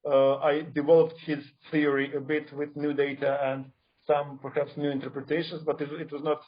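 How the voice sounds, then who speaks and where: A man's voice: fairly high pitch, level tone, moderate pace, muffled recording. A man giving an academic conference talk, criticizing another scholar's claims in an emphatic, argumentative way over a remote video call. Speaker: conference speaker.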